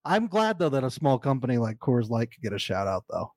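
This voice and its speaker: A man's voice: medium pitch, sing-song, brisk, darkish tone, no room sound. A man co-hosting a podcast in casual chat, cracking dry, teasing jokes. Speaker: podcast co-host.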